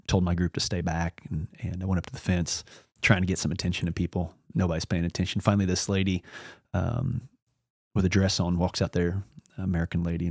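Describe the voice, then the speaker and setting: Deep gravelly man telling a story. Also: a little mellow, dry recording, studio quality. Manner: rambling anecdotal, acts out quoted dialogue. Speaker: podcast guest. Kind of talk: casual storytelling.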